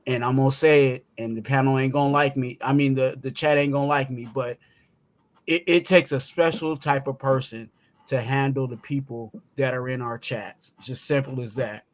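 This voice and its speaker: A man's voice: mid-range voice, fairly even intonation, normal speed. A man, a guest on a casual podcast, sleepy from just waking up, stammering and repeating words as he talks. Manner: stammering, repeats words while starting sentences.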